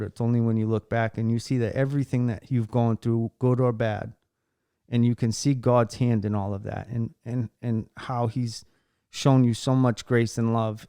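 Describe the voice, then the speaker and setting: A man's voice: medium pitch, mellow, smooth, no room sound, studio quality. A man hosting a casual podcast, telling a heartfelt story in a rambling way, cursing casually and restarting his sentences often. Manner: many fillers and restarts while storytelling. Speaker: podcast host.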